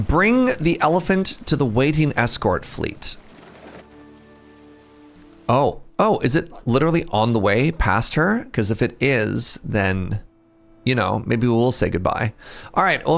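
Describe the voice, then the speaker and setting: Chatty man with a gravelly voice. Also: medium pitch, very animated, a little slow, pauses often, soft background music. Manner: chatty, joking, reacts aloud. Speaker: streamer. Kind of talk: casual gameplay commentary.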